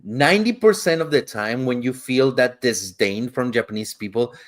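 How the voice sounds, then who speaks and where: A man's voice: medium pitch, animated, moderate pace. A man co-hosting a podcast, telling a travel story in casual chat, rambling, swearing freely and acting out the quotes. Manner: acts out quotes in shifting voices. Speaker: podcast co-host.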